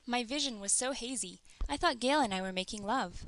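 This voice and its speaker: A woman voicing a distraught, tearful grown man in an audiobook, read in a flat, even way. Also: a little high, fairly quick, voice pushed up.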